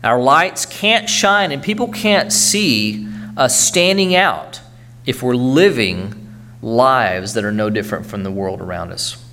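A man's voice: medium pitch, lively intonation, takes it slowly, sharp tone, a little hiss or hum. A man preaching a sermon earnestly, urging his congregation and checking in with frequent "okay?" tags.

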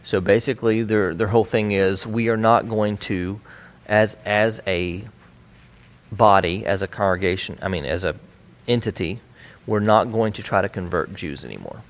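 A man's voice: on the low side, normal speed. A man teaching a bible study in a conversational way, with frequent fillers and restarts.

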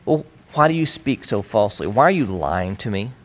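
A man's voice: lowish voice, very animated, fairly quick. A man voicing Joseph, a grown man pressing his brothers with insistent questions. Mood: demanding.

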